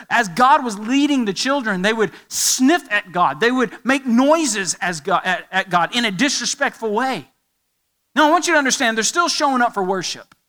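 High bright-voiced male preacher. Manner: emphatic preaching, quick asides to parents. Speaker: pastor. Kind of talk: sermon.

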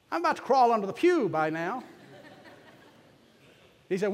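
A man's voice: high voice, very animated, moderate pace, long pauses, in a large hall. A man preaching as a pastor, telling a story in a folksy, self-deprecating way. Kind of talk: storytelling sermon.

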